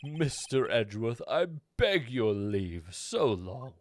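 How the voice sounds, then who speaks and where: A man voicing a polite, formal young hotel bellboy in a video game, with a slow, courteous, lowered delivery. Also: very animated, no echo.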